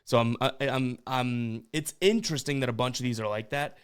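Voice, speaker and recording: Moderately paced and clear, this Boston podcast host's mid-range voice has a resonant tone. He chats casually about voicemails, laughing often and fumbling his words.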